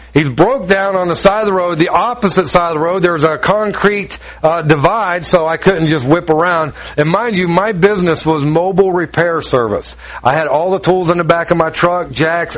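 A middle-aged man preaching a sermon, telling a personal story and acting out the dialogue with lively shifts in delivery. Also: on the high side. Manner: animated storytelling, acts out dialogue.

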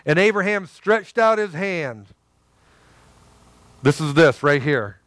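A man preaching with lively, conversational energy, slipping into voiced quotes of the story's characters. His voice sits a little high for a man. The sound is close and dry, with no room around it. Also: slow pace, no room sound. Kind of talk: sermon.

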